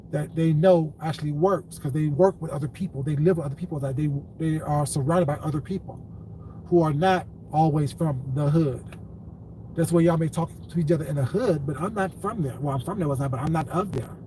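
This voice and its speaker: A man ranting on a live stream lectures his viewers bluntly at length before breaking into furious swearing. His pitch is slightly high and his tone dark, at a moderate pace. The mic is somewhat distant and faint ambient noise is audible.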